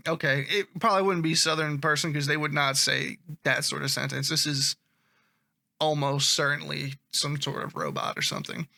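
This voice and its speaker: A man with a high, piercingly bright voice reads online comments aloud and reacts to them. His delivery is sarcastic and offhand, with plenty of swearing. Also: expressive, normal speed, gravelly. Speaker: commentary vlogger.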